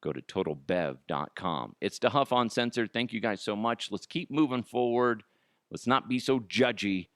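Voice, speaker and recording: A man's voice: lowish voice, expressive, normal speed, a bit bright, no room sound, studio quality. A man hosting a solo comedy podcast, swearing freely and laughing at his own jokes. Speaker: podcast host.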